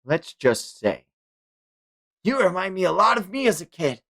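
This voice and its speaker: A man voicing a brash young male ninja leader who shouts urgent orders. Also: high-pitched, sing-song, moderate pace, creaky, dry recording, clean studio sound, voice pushed up, heavily acted. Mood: fond.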